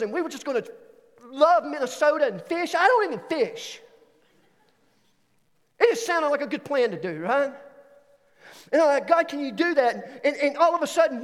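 A man from Alabama, preaching a sermon as a student pastor, telling stories in an animated way that jumps into an excited voice. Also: long reverb tail. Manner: animated storytelling, swings into excited higher voice. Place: church auditorium.

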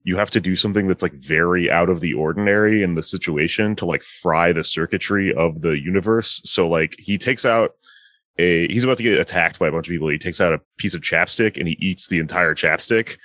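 A man's voice: low voice, brisk, pushed and bright, dry recording, studio quality. A man casually retelling a movie plot to a friend, rambling with lots of fillers. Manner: rambling, filler-heavy retelling with acted-out quotes. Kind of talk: casual chat.

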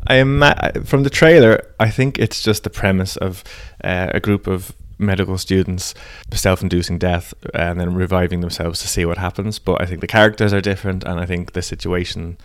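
A man's voice: low voice, steady tone, fairly quick, hardly any pauses, clear, resonant tone, dry recording, studio quality. A man co-hosting a casual podcast, rambling and correcting himself as he recaps a film. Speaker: podcast co-host.

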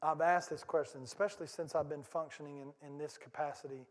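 High-voiced preaching man, reverberant church. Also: steady tone, brisk. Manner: conversational preaching, swinging from loud bursts to hushed asides; repeats and restarts phrases for emphasis. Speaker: pastor. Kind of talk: sermon. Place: church sanctuary.

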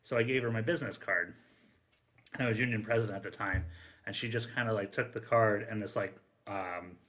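A firefighter and former union president telling casual stories on a podcast, rambling and acting out the dialogue. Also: male voice, fairly low pitch, steady tone, fairly quick, a bit bright. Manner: rambling anecdotes, acts out quoted dialogue.

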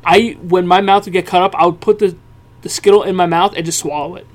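A man's voice: high-pitched, steady tone, fast talker. A man in his twenties co-hosting a casual podcast, teasing and playful. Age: 20s. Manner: teasing, playful, laughs at jokes. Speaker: podcast co-host. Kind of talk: casual chat.

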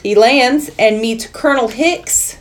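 A woman's voice: on the high side, slow pace. An American woman co-hosting a podcast, recapping a film in rambling casual chat and laughing often. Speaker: podcast co-host.

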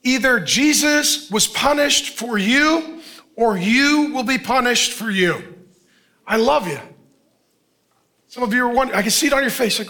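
A man's voice: extremely high pitch, animated, a little slow, pushed and bright. A male pastor preaching a sermon with impassioned, urgent pleading.

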